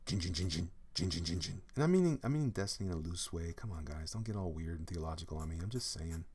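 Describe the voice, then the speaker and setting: A man's voice: deep voice, expressive, fast, darkish tone, breathy edge. A man, a comic artist, chatting casually on a live stream while drawing, reading viewer comments aloud and breaking into hummed song snippets. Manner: playful, reads chat aloud, hums and sings snippets.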